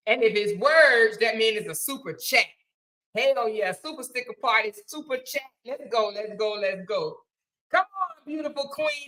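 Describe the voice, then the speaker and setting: A woman hosting a live stream reads out viewers' super chats, excitable as she chants and shouts her thanks, swearing casually and laughing often. Her voice sits high, and the recording is low quality.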